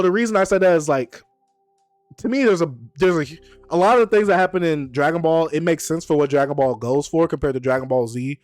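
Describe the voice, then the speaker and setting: A man hosting a stream in casual chat, animated and teasing, quick to argue his point. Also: mid-range voice, dry recording. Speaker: streamer host.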